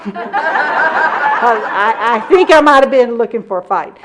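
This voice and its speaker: A woman in her thirties giving a candid personal testimony at a recovery meeting, self-deprecating and quick to laugh. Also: on the high side.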